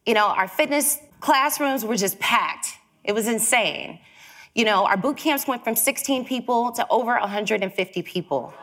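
A woman from Chicago giving a storytelling talk, lively and acting out the voices she quotes. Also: on the high side, moderate pace. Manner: animated, acts out quoted voices.

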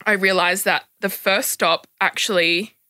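A young adult woman telling a story on a podcast, animated and laughing often, acting out the people she quotes. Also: medium pitch, unhurried, clean tone, no echo, studio quality. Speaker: guest storyteller.

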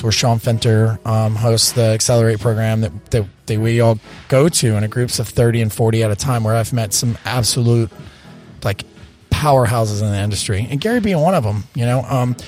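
Rambling storytelling man from North Carolina. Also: medium pitch. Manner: rambling, repeats words, says "man" and "you know". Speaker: bar owner, interview guest. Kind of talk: casual storytelling interview.

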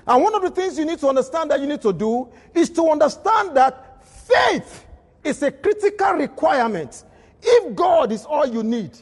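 High-pitched, husky male pastor preaching. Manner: emphatic preaching with repeated phrases and bursts of shouting. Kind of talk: sermon at a midweek service. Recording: long reverb of a large hall.

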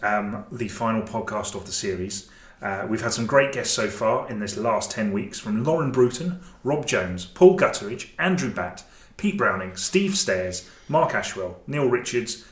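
A man hosting a casual podcast in a jokey, chatty, rambling way, often restarting his sentences. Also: fairly low pitch. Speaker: podcast host. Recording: roomy echo, faint noise.

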